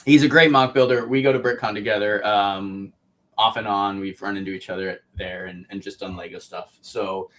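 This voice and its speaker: A man's voice: on the low side, steady tone, moderate pace, fairly bright tone. A man hosting a casual livestream show, chatting easily and reading out viewer comments with frequent ums. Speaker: podcast host.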